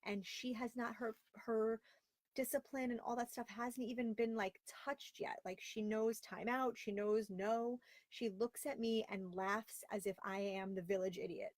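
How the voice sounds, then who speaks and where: Unhurried and a little high, her voice has fairly even intonation in a dry recording. A woman in her thirties from Florida via Long Island, she hosts a casual live video show from her home closet, reading viewer comments in a candid, exasperated, chatty way full of "like."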